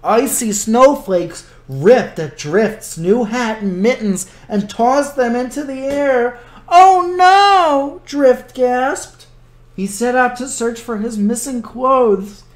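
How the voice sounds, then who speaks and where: A man hosts a children's story time and reads a picture book aloud with gentle expression. He moves through the story slowly and patiently, letting each line land. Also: very high-pitched.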